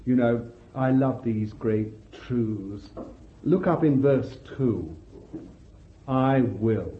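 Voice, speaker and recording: A man preaching a sermon with fervor, calling out hallelujahs and swinging between loud bursts and hushed words. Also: mid-range voice. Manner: slow deliberate delivery, stretching key words. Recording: echoey hall, tinny lo-fi sound.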